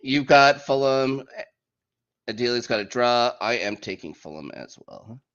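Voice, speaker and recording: A man hosts a laid-back football podcast, cracking jokes and reading out the week's fixtures with lively energy. His voice is medium-pitched, clear and resonant, a little slow, and the audio sounds muffled and lo-fi.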